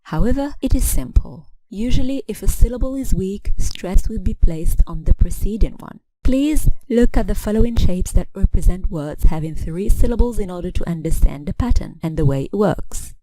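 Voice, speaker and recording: A woman gives a scripted English pronunciation lesson in a mellow, warm voice. She talks clearly and deliberately, and she stretches each example word as she models it. The recording is dry and close, with no room sound. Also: mid-range voice, animated, no echo, poor audio. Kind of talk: scripted instructional narration.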